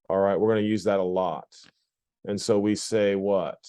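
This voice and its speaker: A man's voice: on the low side, steady tone, normal speed, mellow, smooth. A man teaching a geometry lesson in a classroom, often repeating points and asking the class questions. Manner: repetitive, questioning the class, plainspoken. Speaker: math teacher. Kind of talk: classroom lecture.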